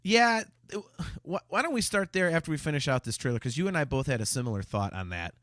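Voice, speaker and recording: Quick and animated, a man speaks in a slightly high, somewhat bright voice, captured at studio quality with no room sound. In casual chat as a fan podcast co-host, he's hesitant, often stammering and restarting sentences, and reads viewer comments aloud.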